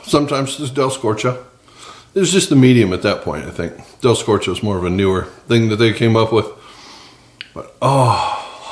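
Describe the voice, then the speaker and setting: A man's voice: mid-range voice, reverberant. A man hosting a casual cooking vlog from his small home kitchen, chatting and joking with viewers. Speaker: cooking channel host. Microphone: several cameras on the counter.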